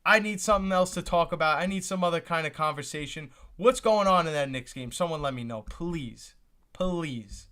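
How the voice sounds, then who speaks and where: High bright-voiced excited male streamer. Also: moderate pace. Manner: exclamatory, repeats himself, talks to chat. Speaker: livestream host reacting to the draft. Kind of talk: excited live reaction stream.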